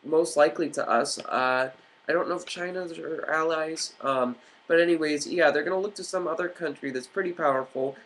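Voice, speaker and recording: A man's voice: on the high side, moderate pace, fairly bright tone. A man ranting on a vlog in an agitated, profane, rambling way with many fillers. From United States. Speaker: vlogger.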